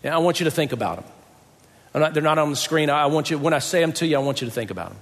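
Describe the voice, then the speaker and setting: A man delivers a sermon from the pulpit, hammering home his points with repeated rhetorical questions. His voice sits a little higher than most men's, and the long reverb of a large church hall trails behind every phrase. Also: lively intonation, very fast. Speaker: pastor.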